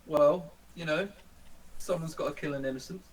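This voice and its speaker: A man's voice: a little high, moderate pace, slightly rough. A man playing a tabletop game, hesitant and joking with many fillers. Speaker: player. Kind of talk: casual tabletop game chat. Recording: distant mic with faint noise.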